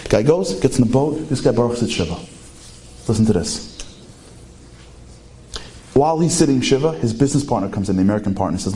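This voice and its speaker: A man telling a story in a sermon, animated and full of rhetorical questions. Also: medium pitch, brisk, long pauses.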